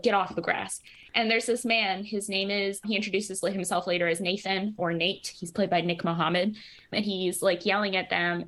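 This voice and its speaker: A woman's voice: mid-range voice, fairly bright tone. Casual woman recapping an episode. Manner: casual, retells scenes with quoted lines and laughs. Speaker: podcast co-host.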